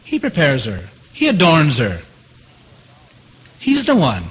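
A man preaching a sermon. He keeps asking his listeners questions and his voice leaps up in pitch to stress a point. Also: slow pace, breathy edge. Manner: animated, asks the audience questions, jumps high in pitch for emphasis. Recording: long hall reverb.

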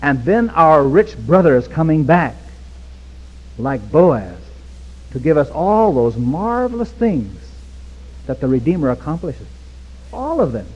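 A man preaching a sermon with passion, swinging from hushed pleading to near-shouting. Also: fairly high pitch, sing-song, a little slow, long pauses, slightly rough. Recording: dull recording with long hall reverb.

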